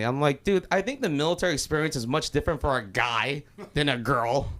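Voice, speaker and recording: A man's voice: fairly high pitch, expressive, a little fast, fairly bright tone. A young man from Los Angeles doing a loose, rambling, profane open mic stand-up set in a small comedy club.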